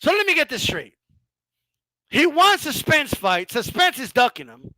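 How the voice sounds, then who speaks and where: A man hosting a casual boxing talk show, ranting in an animated, profane and mocking way. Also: very high-pitched, moderate pace, no room sound. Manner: animated, profane, mocking, frequent laughs and "bro". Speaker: boxing commentator host.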